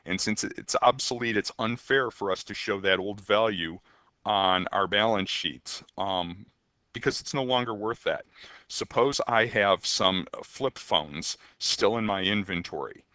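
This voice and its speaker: Bright-voiced man giving an accounting lecture. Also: fairly low pitch, measured pace, no echo. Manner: conversational, with frequent ums and rhetorical questions. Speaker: accounting instructor. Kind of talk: recorded lecture.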